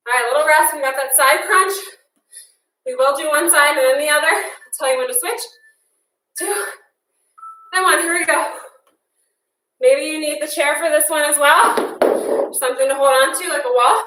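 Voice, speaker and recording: A woman fitness instructor cues a live workout class, upbeat and encouraging as she counts down and whoops in celebration. Her high voice comes across pushed and bright at a normal speed with frequent pauses, heard from a distance in an echoey room with slight hiss or hum.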